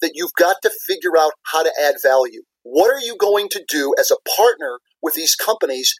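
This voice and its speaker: A man's voice: on the high side, lively intonation, moderate pace, slightly rough, dry recording, low-quality recording. A man, a business leader and former CFO, answering interview questions in an earnest, explanatory way, repeating key words for emphasis.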